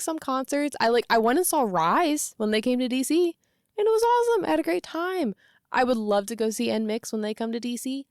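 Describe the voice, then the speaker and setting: A woman's voice: high-pitched, no echo. Woman in her thirties, casual confessional vlogger who rambles and laughs a lot, dry close recording. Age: 30s. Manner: rambling, laughing often, with many fillers. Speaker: YouTuber.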